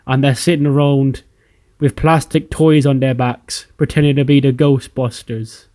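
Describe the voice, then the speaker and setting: Man voicing a sarcastic wrestler taunting slow, dry mic. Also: medium pitch, level tone, mellow, no echo, natural voice.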